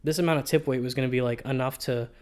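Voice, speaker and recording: A man's voice: mid-range voice, steady tone, quick pace, a little mellow. A man talking through a product review in a casual vlog, rambling and offhand, with frequent swearing. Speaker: balisong reviewer.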